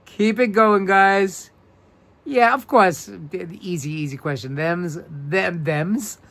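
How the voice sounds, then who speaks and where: Slow-talking New man hosting a live quiz. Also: high-pitched, lively intonation, creaky, fairly bright tone. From New York. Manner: upbeat, repeats questions and greets viewers by name. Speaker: live-stream host. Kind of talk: live-stream trivia quiz, reading viewer answers.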